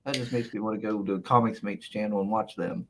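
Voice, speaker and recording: A man's voice: fairly low pitch, fairly even intonation, a little fast, a bit bright. A man hosting a casual livestream, reading out the chat and laughing along. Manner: laughing, talks back to chat. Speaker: livestream host.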